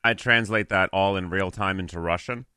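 A man player at a tabletop role-playing game, with a very low, smooth and bright voice and a dry, close sound. He delivers his lines deadpan. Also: moderate pace, dry recording.

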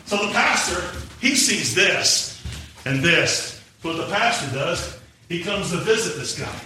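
A man preaching a sermon in a church, emphatic and rising to shouts as he draws in the congregation. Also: high voice, expressive, measured pace. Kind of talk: sermon with live demonstration. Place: church sanctuary. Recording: echoey church from a distant mic, faint noise.

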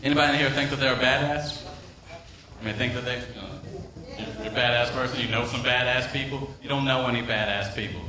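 A male comedian at an open mic rambles through a profane stand-up set, teasing the crowd from a comedy club stage before a live audience. His medium-pitched voice moves quickly with fairly even intonation, and the echoey room leaves him a bit far from the mic.

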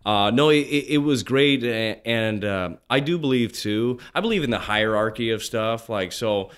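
Man telling stories in a lively way. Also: mid-range voice, normal speed, clean tone. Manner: animated, acts out quoted voices, many restarts. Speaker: guest, former pro baseball pitcher. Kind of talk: casual interview storytelling.

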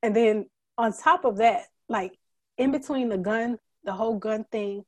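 A middle-aged woman as a guest, telling her story candidly in an earnest, halting way, holding back tears. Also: fairly high pitch, darkish tone, no room sound. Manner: earnest, halting, many fillers and restarts; emotional, fighting back tears. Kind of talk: candid conversational testimony.

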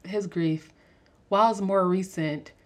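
A young woman talking casually and excitedly about a film on a podcast, with lots of fillers and laughter. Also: medium pitch. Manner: animated, fast-talking, frequent fillers and laughs. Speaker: podcast host. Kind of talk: casual movie review chat.

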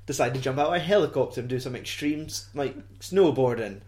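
A man's voice: mid-range voice, fast talker, a little mellow. A young man with a Scottish accent chatting casually, mocking films with dry humour and frequent swearing. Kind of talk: casual chat.

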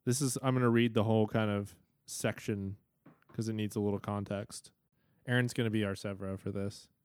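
A man co-hosting a casual book podcast, relaxed and a little hesitant. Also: lowish voice, a little fast, clean tone, no echo, clean studio sound. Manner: relaxed, hesitant, with frequent fillers. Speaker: podcast co-host.

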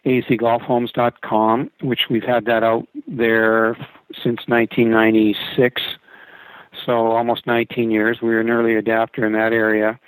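Middle-aged real estate agent, chatty and rambling, mid-pitched, dry close sound. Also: male voice, no room sound, poor audio. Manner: talkative, rambling, frequent restarts. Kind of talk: casual interview talk.

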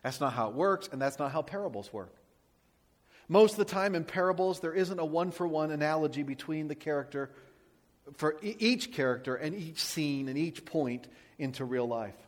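Expressive pastor preaching in a reverberant hall. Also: male voice, fairly high pitch, moderate pace. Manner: expressive storytelling, drops to quiet emphasis. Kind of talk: sermon.

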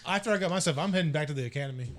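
A man playing a tabletop game, teasing the others playfully and laughing loudly. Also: fairly high pitch, racing, a little hiss or hum. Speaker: player. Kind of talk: casual tabletop play.

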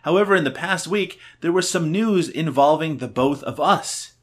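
A man in his thirties hosts a comedic podcast, chatting casually in a jokey, self-mocking way. His voice sits on the high side and moves at a normal speed.

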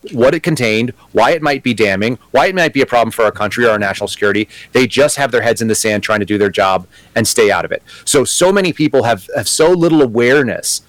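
A man's voice: medium pitch, dry recording, low-quality recording. A man, a guest and former agent, talking earnestly in an interview and thinking aloud. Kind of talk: conversational interview.

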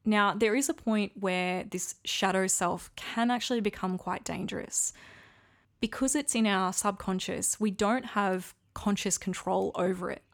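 A woman's voice: medium pitch, a little slow. A woman hosting a podcast, talking frankly and conversationally in a candid monologue, often checking in with the listener. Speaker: podcast host.

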